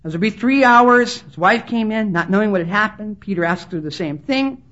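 A woman with an expressive, mid-range, slightly bright voice preaches at normal speed in a conference hall. She impersonates quoted speakers and implores the crowd to listen in her impassioned sermon, heard through a dull lo-fi recording.

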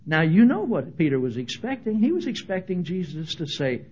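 Animated, humorous male preacher. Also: high voice, normal speed, lo-fi sound, a little hiss or hum. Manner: animated, humorous, acts out quoted voices. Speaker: pastor. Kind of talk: sermon.

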